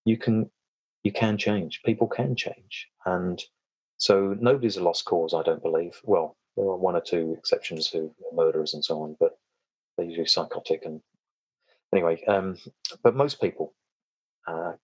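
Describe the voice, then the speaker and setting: Low husky guy chatting on a podcast, rambly, dull lo-fi sound. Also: fairly even intonation, moderate pace, dry recording. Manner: rambling, frequent restarts, chuckles. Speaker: podcast guest, self-defense and trauma coach. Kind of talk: casual interview chat.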